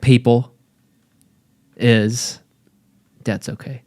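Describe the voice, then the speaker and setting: A man's voice: mid-range voice, flat delivery, drawn-out words, warm tone. A man co-hosting a casual podcast, losing his voice and rambling loosely with lots of fillers. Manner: laid-back, rambling with fillers. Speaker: podcast co-host. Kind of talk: casual chat.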